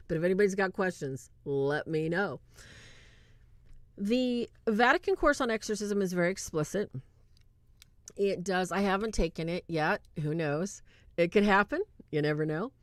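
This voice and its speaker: A woman's voice: lowish voice, animated, moderate pace, pauses often, dry recording, studio quality. A woman hosting a casual livestream movie review, eagerly retelling scenes and checking in with her chat.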